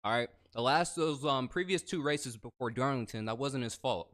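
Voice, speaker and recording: A man's voice: mid-range voice, moderate pace, fairly bright tone. A man appearing as a guest YouTuber on a livestream, chatty and playful, full of slang. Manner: chatty, slangy, playful, says bro and y'all. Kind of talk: casual livestream chat.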